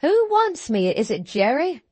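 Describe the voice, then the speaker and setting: A nervous gentleman passenger with a slight quiver in his speech, as a woman narrator voices him. His voice sits high, and it is recorded dry and close. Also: lively intonation, normal speed, dry recording. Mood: uneasy. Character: nervous middle-aged male gentleman passenger.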